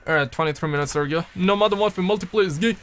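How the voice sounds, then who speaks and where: A young man from Pakistan hosts a gaming news livestream in a loose, casual chat. His fairly high voice has a bright, forward edge. He jumps his pitch around on purpose so he never sounds flat. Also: racing. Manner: animated, shifts his voice up and down on purpose.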